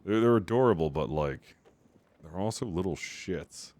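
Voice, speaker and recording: Deep-voiced streamer man, rambling casually. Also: expressive, normal speed, darkish tone. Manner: rambling, swears freely. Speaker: game streamer. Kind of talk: casual chat with stream viewers.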